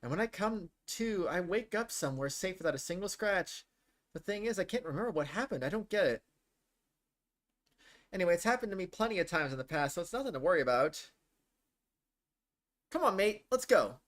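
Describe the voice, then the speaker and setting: A man's voice: sits high, animated, a little fast, pauses often, pitched above the performer's own voice. A man voicing a chatty young woman adventurer from a role-playing game, reading her lines lightly. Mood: breezy. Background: game music.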